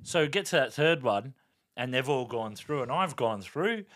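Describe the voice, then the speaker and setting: An Australian man on a podcast, animatedly telling a long story and acting out the lines of the people in it, sometimes dropping to a hushed aside. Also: mid-range voice, lively intonation, moderate pace, slight background noise. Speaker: podcast co-host. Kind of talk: casual storytelling chat.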